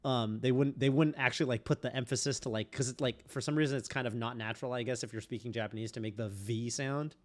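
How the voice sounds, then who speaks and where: A man's voice: mid-range voice, steady tone, fast, hardly any pauses. A man streaming a game, chatting casually in a rambling way full of fillers and restarts. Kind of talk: casual chat while streaming.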